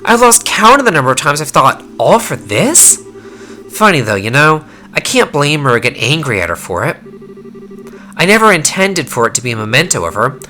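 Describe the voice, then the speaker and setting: A man reading as a gruff young fighter. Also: a little high, big pitch swings, moderate pace, sharp tone, faint music behind. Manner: rough, slangy, blunt. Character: gruff young male fighter, rough-spoken. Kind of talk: fan voice-over reading of game dialogue.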